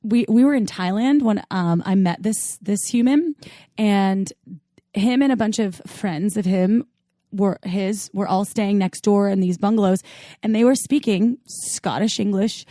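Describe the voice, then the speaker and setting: A woman co-hosting a podcast, talking in a relaxed, casual way. She tells stories animatedly and acts out the voices of the people in them. Her voice sits in a middle register and is recorded close and dry. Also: mid-range voice, unhurried, no echo. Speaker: podcast co-host. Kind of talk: casual chat.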